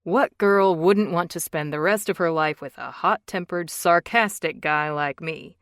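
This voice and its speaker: A cocky, sarcastic young man with a teasing, drawn-out way of talking, as a woman narrator puts him on. The voice sits a little low and is close and dry, with no room sound at all. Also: fairly bright tone, no echo. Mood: wry.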